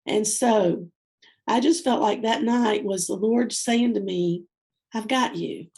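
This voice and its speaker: Woman, 50s, interview guest; gravelly, emotional storyteller, teary, lots of ums and you-knows. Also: mid-range voice, mellow. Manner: tearful, heartfelt, many fillers. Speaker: guest speaker. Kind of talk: personal storytelling.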